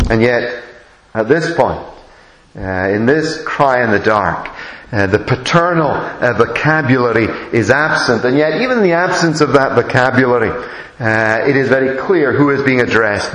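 A man preaching a sermon in a slow, measured and reflective way, often restarting phrases. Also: medium pitch, animated, fairly bright tone. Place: church. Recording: echoey room.

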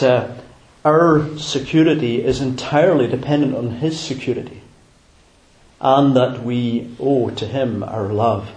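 A man preaching a sermon in a measured, reflective way, pausing on fillers and restarting phrases. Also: mid-range voice, a little mellow, reverberant, rough recording.

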